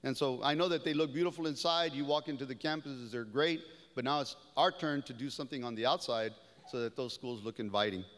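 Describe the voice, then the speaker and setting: A man's voice: mid-range voice, fairly quick, fairly bright tone. A man, a school superintendent, giving an earnest and encouraging welcome speech. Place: large hall. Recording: reverberant hall through PA.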